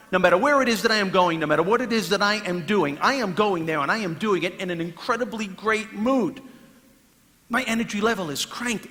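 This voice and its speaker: Animated comic speaker in a big hall. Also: male voice, high-pitched. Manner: animated, acts out voices for laughs. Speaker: motivational speaker. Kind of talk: stand-up style keynote. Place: large hall with audience. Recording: live hall recording with reverb.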